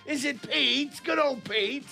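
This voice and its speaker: A man co-hosting sports radio, bantering and joking while flustered over trivia, with a gravelly voice. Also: extremely high pitch, slow pace, bright, forceful tone, faint music behind. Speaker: radio co-host.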